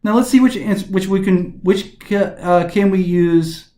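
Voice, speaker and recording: A man with a fairly high voice talks through test questions in a recorded lesson. He restarts his sentences often as he explains. The room around him rings with echo. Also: a little slow, dark tone. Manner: explanatory, frequent restarts and fillers. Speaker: test prep instructor.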